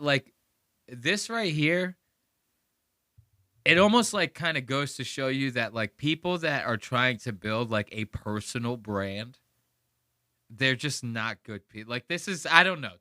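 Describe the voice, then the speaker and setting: A male podcast host ranting in a casual, profane, animated way, full of "like". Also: medium pitch, unhurried, no echo, clean studio sound. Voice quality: animated, profane, heavy use of "like".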